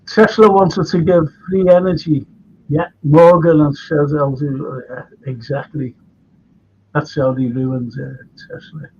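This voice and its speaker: A man's voice: on the high side, fairly even intonation, measured pace, a little mellow. An older man with a Liverpool accent, hosting a casual chat show, rambling and tired from lack of sleep. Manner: rambling, chatty, with frequent restarts. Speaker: host. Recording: dull lo-fi sound with faint noise.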